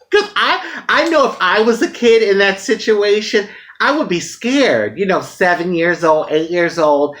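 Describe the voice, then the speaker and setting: Animated woman telling a frank story. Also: mid-range voice, a little slow. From United States. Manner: frank, animated, dramatic retelling with frequent laughter. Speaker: vlogger. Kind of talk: casual storytelling to camera.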